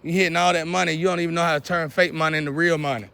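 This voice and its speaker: A man's voice: a little high, steady tone, very fast, sharp tone. Scolding man preaching to viewers. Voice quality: frequent throat clearing. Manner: lecturing, scolding. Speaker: vlogger.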